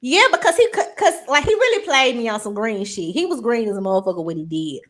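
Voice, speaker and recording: A woman co-hosting a podcast, telling a personal story in animated, casual chat full of swearing. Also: on the high side, fast talker. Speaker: podcast co-host.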